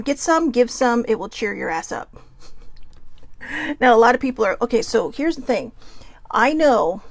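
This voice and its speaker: A woman's voice: fairly high pitch, creaky. A woman hosting a live oracle card reading, chatty and giggly, swearing freely and wandering off topic.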